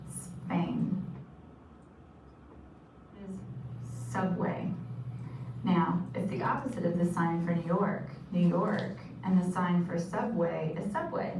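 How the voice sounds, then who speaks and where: A woman teaching sign language vocabulary, patiently saying each term and repeating it. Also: fairly low pitch. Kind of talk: instructional explanation. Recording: echoey room from a distance with noise.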